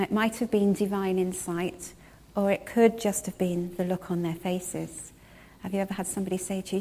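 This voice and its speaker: A woman preaching a sermon, retelling a story in a measured way and slowing down to stress key words. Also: medium pitch, a little mellow.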